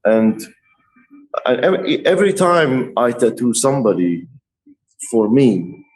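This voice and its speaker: A middle-aged man, a tattoo artist guest on a podcast, telling stories in an animated way and often laughing. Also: mid-range voice, unhurried, poor audio. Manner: laughs often, lively retelling. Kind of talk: animated storytelling.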